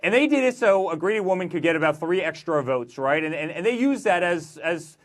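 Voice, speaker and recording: Guy in his 40s, fired up, rattles off long lists, fairly high voice. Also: expressive. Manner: emphatic, rapid-fire lists of grievances. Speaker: guest author. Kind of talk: political interview.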